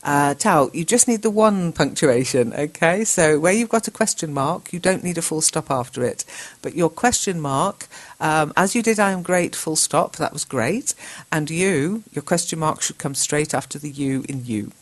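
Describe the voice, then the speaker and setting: Low-voiced woman teaching English. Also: lively intonation. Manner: patient, spells out punctuation and capitals slowly. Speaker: English teacher and show host. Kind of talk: reading out chat comments and correcting them.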